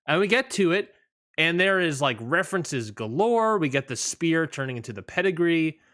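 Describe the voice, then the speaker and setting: Bright-voiced rambling male podcast host. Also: a little high, big pitch swings. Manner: rambling, lots of fillers and restarts, quick laughs. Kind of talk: casual wrestling podcast chat.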